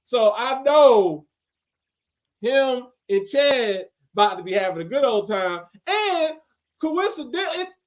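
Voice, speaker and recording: A man with a notably high voice hosts a loose, chatty podcast. He talks with lively energy, laughs often and mimics other people's voices as he tells stories. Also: unhurried. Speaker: podcast host. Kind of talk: casual wrestling podcast chat.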